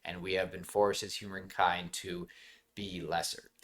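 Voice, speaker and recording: A man with a somewhat low voice talks loosely on a casual podcast, rambling and restarting as he goes. He sounds animated and laughs easily between his points. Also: unhurried. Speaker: podcast co-host. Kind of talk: casual movie chat.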